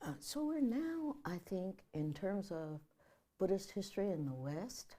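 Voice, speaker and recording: A woman professor giving a public lecture, telling stories in a lively way and leading the audience in chanting. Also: mid-range voice, measured pace.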